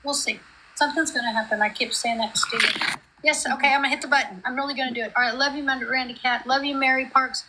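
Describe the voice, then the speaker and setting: A woman's voice: high-pitched, steady tone, quick pace, pushed and bright, slight background noise, rough recording. A middle-aged woman, chatting on a live stream call in a rambling, heartfelt, run-on way. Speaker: guest on a group live stream. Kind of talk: emotional casual chat.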